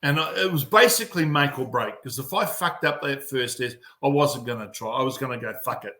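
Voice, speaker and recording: A man's voice: mid-range voice, fairly quick. A middle-aged man from New Zealand with a New Zealand accent, a mental performance coach telling stories bluntly with a lot of swearing in a casual podcast chat. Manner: blunt, heavy swearing, animated storytelling.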